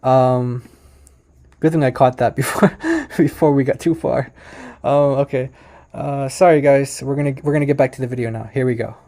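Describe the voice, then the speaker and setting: A man's voice: medium pitch, steady tone, normal speed, warm tone. A man giving casual, emphatic commentary while reacting to a video, often correcting himself and talking to his viewers.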